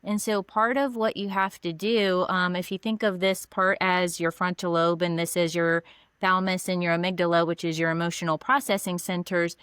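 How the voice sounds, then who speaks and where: A middle-aged woman counselor explaining in a lively conversational way, acting out little dialogues in different voices. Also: fairly low pitch, smooth, no room sound, studio quality. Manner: animated, acts out dialogue in voices. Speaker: mental health counselor, guest. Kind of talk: conversational explaining with acted examples.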